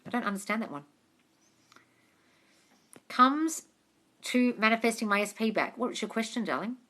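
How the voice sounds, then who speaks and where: A woman's voice: a little high, lively intonation, normal speed, sharp tone. A woman with an Australian accent hosting a casual live-stream Q&A as a manifestation coach, reading out viewer comments. She talks bluntly, swears freely and calls her viewers darling. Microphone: phone on a live stream.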